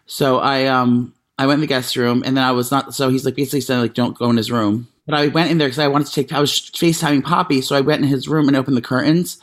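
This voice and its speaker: A man in casual conversation, rattling off stories at a brisk clip. He talks with lots of fillers and quick restarts, at a middling pitch. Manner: animated storytelling, frequent fillers. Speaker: podcast co-host. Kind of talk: casual chat.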